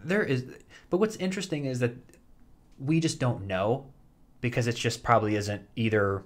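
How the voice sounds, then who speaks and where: A man in his thirties, a podcast co-host who is also a soap actor, speaks at medium pitch and moderate pace. He rambles through the casual chat with many restarts and fillers.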